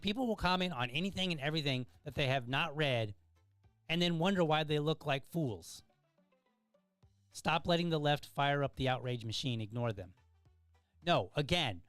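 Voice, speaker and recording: A man delivers opinion commentary in an emphatic, lecturing tone and fires off exasperated rhetorical questions. His voice sits a little high for a man. The sound is dry and close, with faint music underneath. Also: fairly bright tone, no echo. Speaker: podcast host.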